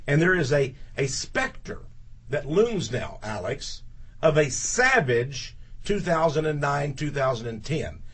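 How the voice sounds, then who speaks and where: A man's voice: on the high side, sing-song, unhurried, a bit bright, husky. A man speaking as a guest on a studio talk radio show, emphatic and indignant, repeating words for stress.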